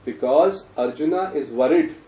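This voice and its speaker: A man teaching a scripture class, animated, putting questions to the listeners with sarcastic asides. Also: a little high, moderate pace. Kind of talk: scripture study lecture. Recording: distant roomy lo-fi recording.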